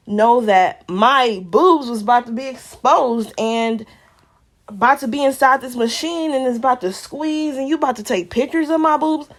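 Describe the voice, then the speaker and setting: A woman vlogger giving an emotional personal testimony in candid, casual slang. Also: a little high.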